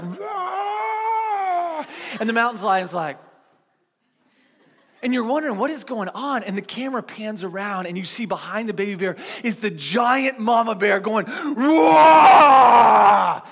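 A man preaching a sermon as pastor to a seated church congregation, in a conversational, animated storytelling manner with frequent restarts. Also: high-pitched, brisk, in a large hall.

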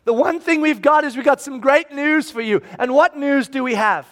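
Man, sermon preacher, very high voice, animated and emphatic, breaks into acted shouts. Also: normal speed. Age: adult, married with children. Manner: animated, emphatic, acts out scenes with sudden shouts. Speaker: pastor.

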